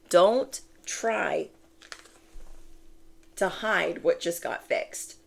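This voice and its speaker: A woman giving a channeled tarot reading, speaking with animated, drawn-out emphasis while shuffling cards. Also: lowish voice, vocal fry. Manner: animated, drawn-out emphatic phrases, acts out quoted reactions. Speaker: tarot reader.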